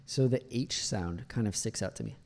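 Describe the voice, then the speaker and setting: Gravelly, laid-back male English teacher. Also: on the low side, slight background noise. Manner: relaxed, filler-heavy explaining, demonstrates words slowly. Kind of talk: pronunciation commentary over a video.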